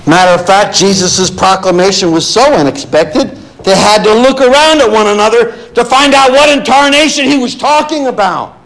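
A man's voice: sits high, normal speed, few pauses, fairly bright tone, poor audio. A male pastor preaching a sermon in church, firing rhetorical questions at his congregation and reading scripture aloud.

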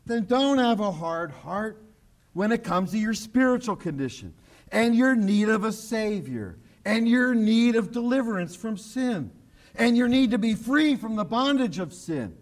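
High-voiced preaching man, emphatic. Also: sing-song, unhurried. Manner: emphatic, repetitive preaching with sudden drops to a low, quiet voice. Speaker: pastor. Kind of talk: sermon. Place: church broadcast on radio and online.

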